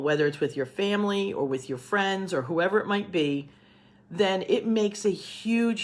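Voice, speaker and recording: A middle-aged woman talks to her camera at home in a loose, chatty way, with a somewhat low voice. She rambles and circles back on herself, upbeat and open. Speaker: cooking teacher. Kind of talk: casual talk to camera.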